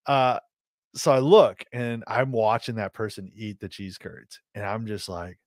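A young man co-hosting a podcast, telling a rambling story in an animated, exasperated way. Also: fairly low pitch, a little slow, dry recording, studio quality. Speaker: podcast co-host. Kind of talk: casual storytelling chat.

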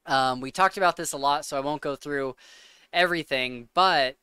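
A man's voice: a little high, moderate pace, pushed and bright, clear, resonant tone, no room sound. A man hosting a podcast, chatting casually and gushing with enthusiasm, full of likes and ums. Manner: enthusiastic, gushing, filler-heavy. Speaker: podcast host. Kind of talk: casual chat.

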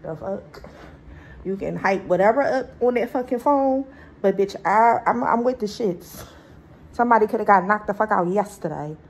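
A woman's voice: mid-range voice, lively intonation, normal speed, low-quality recording. A young woman vlogging from home, ranting profanely and acting out quoted dialogue as she retells a run-in at her door. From Philadelphia. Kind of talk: angry storytime rant. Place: at home indoors.

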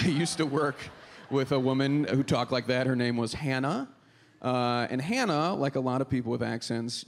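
A man from Pittsburgh doing a wry, self-mocking stand-up set on a comedy club stage into a handheld mic. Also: mid-range voice. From Pittsburgh, Pennsylvania.

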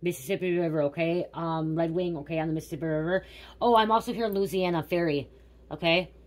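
Middle-aged woman, low-pitched, casual card reader thinking out loud. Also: quick pace. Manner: musing aloud, repeating words. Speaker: tarot reader. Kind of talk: casual spiritual card reading.

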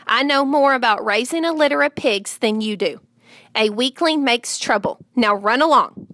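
A woman voicing a patient farmer father who speaks calmly, gently but firmly. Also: fairly high pitch, moderate pace, no echo, clean studio sound. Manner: calm, gentle, firm.

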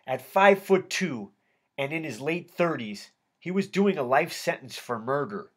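A man narrating an audiobook in a steady first-person storytelling manner. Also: fairly high pitch, measured pace, husky. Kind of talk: audiobook reading of a prison memoir.

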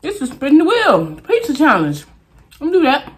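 A woman food vlogger talking casually to camera while eating, animated and exclaiming, chanting at a spinning wheel. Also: a little high, normal speed.

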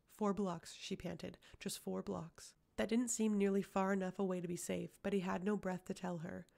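A woman reading a fantasy novel aloud as an audiobook, with steady, even storytelling. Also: medium pitch, creaky. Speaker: audiobook reader. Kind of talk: audiobook narration.

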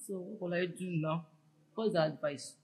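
A woman's voice: on the low side, moderate pace, noisy background, lightly acted. An actress with a Nigerian accent playing an anxious wife who confides in her friend and protests her advice. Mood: fretful. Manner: fretful, protesting.

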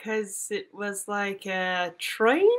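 A woman's voice: medium pitch, extremely slow. A woman playing a brash female detective in a put-on Australian accent, quizzing with wild guesses in an improvised comedy scene. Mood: quizzical. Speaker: improv performer.

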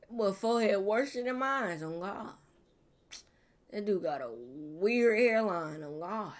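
A woman's voice: medium pitch, lively intonation. A woman hosting a reaction video, teasing and roasting the people on screen in slangy casual banter, drawing words out and repeating them for emphasis. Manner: drawn-out, repetitive emphasis.

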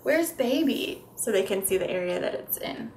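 A woman's voice: medium pitch, level tone, fairly quick, darkish tone, a little hiss or hum. A young woman speech therapist explaining how to read picture books with toddlers, slipping into sing-song, exaggerated sounds for children. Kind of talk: instructional demonstration.

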